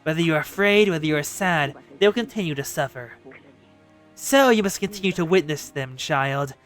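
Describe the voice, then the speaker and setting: A streamer voicing a cruel, proud old grandmother, speaking in a slow, stately, coldly calm way while reading a game's story aloud. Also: medium pitch, faint music behind, lightly acted.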